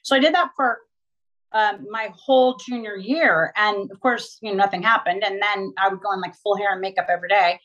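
A middle-aged woman, an entrepreneur guest on an interview show, telling her career story in a chatty, animated way full of "like" and asides. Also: medium pitch, brisk, dull audio. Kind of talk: casual storytelling.

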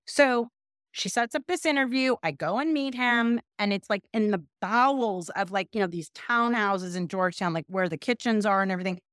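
A middle-aged woman from Pasadena, California, a business owner guesting on a podcast, tells a story in a chatty, self-deprecating way full of animated quoted asides. Her mid-range voice moves at a normal speed and sounds smooth, with clean, echo-free studio audio.

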